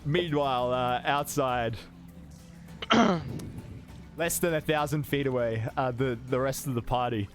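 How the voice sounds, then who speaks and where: A man narrating as game master, with animated delivery and sound effects. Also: mid-range voice, a little slow, long pauses, faint music behind.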